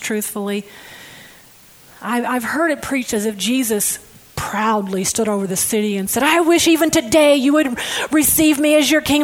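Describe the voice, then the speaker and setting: A woman gives a conversational sermon with a fairly high voice. She preaches in an emotive, personal way and talks straight to her listeners. Her delivery swings from hushed, almost whispered moments to loud, stirring ones. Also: low-quality recording.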